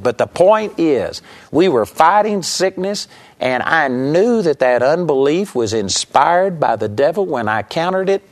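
A male preacher earnestly tells his testimony to a congregation. His voice sits at an ordinary middle pitch, and he quickens and slows his pace as the story builds. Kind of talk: sermon testimony.

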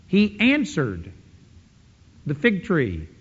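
A man preaching a sermon emphatically, swinging between loud declarations and quiet asides. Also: a little high, wildly swooping pitch, extremely slow, a little hiss or hum. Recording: dull lo-fi sound with long hall reverb.

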